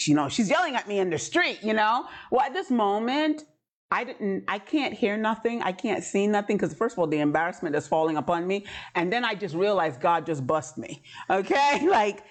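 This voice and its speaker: A woman's voice: a little high, fairly bright tone. A woman preaching a sermon as a personal story, candid and conversational, with frequent asides to the listeners. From New York.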